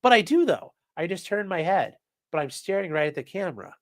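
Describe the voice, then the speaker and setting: A man's voice: sits high, sing-song, fairly quick, no room sound, studio quality. A young man, a streamer and trial lawyer, chatting casually on a live stream, rambling, swearing and reading chat aloud.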